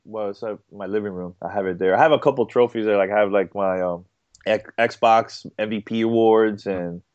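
Halting, low-voiced man telling a story. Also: a little mellow, clean tone, no echo. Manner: halting, repeats words, many fillers. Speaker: podcast guest. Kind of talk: casual interview chat. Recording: dull dry podcast audio.

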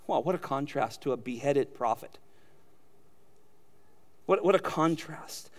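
A man preaching a sermon as a pastor, emphatic, addressing listeners directly with rhetorical questions and building to loud peaks. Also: medium pitch, animated, unhurried, long pauses.

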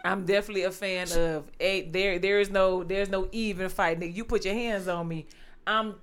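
A woman guest in a casual comedic chat, talking bluntly and chiming in with quick laughing remarks. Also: mid-range voice, steady tone, clean tone. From West Side of a US city.

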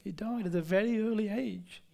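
A gravelly, darkish male voice that sits high, at normal speed. He is preaching a conversational Bible-study sermon, frequently quizzing the congregation and restarting his thoughts.

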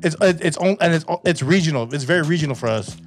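A man's voice: a little high, expressive, fast talker, soft background music. A man, chatting casually on a podcast, laughing and slangy. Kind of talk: casual chat.

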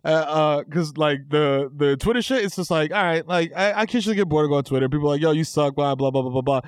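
A man co-hosting a comedic podcast, expressive and quick to laugh as he tells stories. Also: clean tone, dry recording, clean studio sound. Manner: laughs often, swings pitch widely, expressive. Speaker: podcast co-host. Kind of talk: casual comedic banter.

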